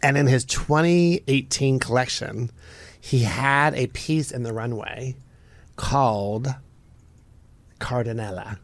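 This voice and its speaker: A man hosting a casual podcast, chatty and animated as he tells stories. His voice sits in a middle register and the recording is dry and close. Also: mid-range voice, takes it slowly, long pauses, no echo. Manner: chatty, animated, playful storytelling. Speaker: podcast host. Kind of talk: casual fashion podcast chat.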